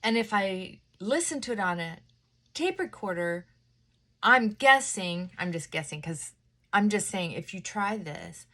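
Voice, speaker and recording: A woman vlogging a casual morning chat while getting ready at her mirror at home, talking in a reflective, self-coaching way that moves between brisk, pushy speech and a slowed, softened, almost whispered tone. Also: mid-range voice, animated. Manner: drops to a soft, near-whispered voice at times.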